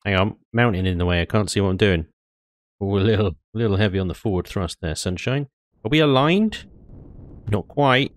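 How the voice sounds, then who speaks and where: A man giving casual, chatty let's-play commentary as he builds in a space game, excitable and often laughing. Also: fairly low pitch, moderate pace. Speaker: gaming YouTuber.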